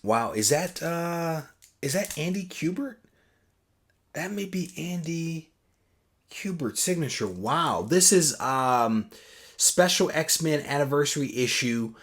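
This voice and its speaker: A man hosting his own channel, chatting casually as he unboxes and reads fan mail, relaxed with many pauses. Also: a little high. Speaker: comic collecting channel host.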